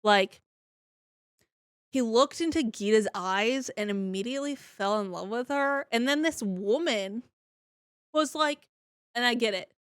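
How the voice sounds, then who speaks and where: A woman's voice: on the high side, a little slow, long pauses, smooth, no echo, studio quality. A young woman co-hosting a podcast, chatting casually and ramblingly about a book, filling her talk with "like" and casual swearing. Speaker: podcast co-host. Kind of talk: casual chat, book review.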